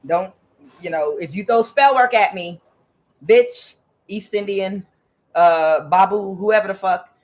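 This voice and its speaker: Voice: mid-range voice, slow pace. A tarot card reader giving a casual, rambling reading, with many fillers and blunt asides.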